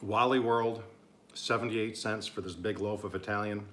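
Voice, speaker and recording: A man's voice: fairly low pitch, fairly even intonation, normal speed, fairly bright tone, slight background noise. A man from Oklahoma chatting his way through a casual cooking vlog, rambling and amused at himself. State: talking with mouth full at times. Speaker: cooking vlogger.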